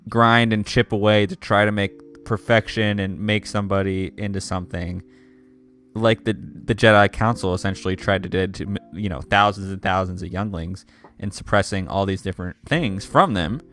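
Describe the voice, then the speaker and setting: A man's voice: low-pitched, moderate pace, a bit bright. A young man co-hosting a casual fan review podcast, talking in an earnest, enthusiastic way. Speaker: podcast co-host.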